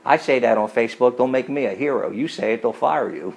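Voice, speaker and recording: A middle-aged man preaching a sermon full of personal stories. He talks emphatically, rising to forceful peaks and dropping into low asides. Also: quick pace, vocal fry, hardly any pauses, husky, rough recording. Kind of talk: sermon with storytelling.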